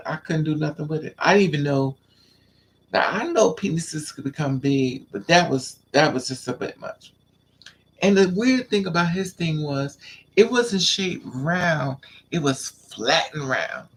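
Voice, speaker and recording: A man telling a raunchy story to his live chat in a flamboyant, sassy way, laughing and squealing up high. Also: creaky. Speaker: live stream host.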